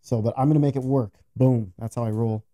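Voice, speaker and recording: Mellow-voiced man joking through a craft project. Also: mid-range voice, fairly even intonation, a little fast, no room sound, studio quality. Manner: joking, self-mocking banter. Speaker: co-host. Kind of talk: casual chat while doing a craft project.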